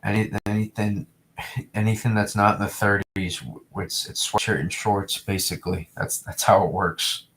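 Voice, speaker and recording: A man's voice: on the low side, flat delivery, moderate pace, a bit bright. A young man from New England chatting casually to his live-stream viewers, rambling and repeating himself as he reads the chat. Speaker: weather streamer.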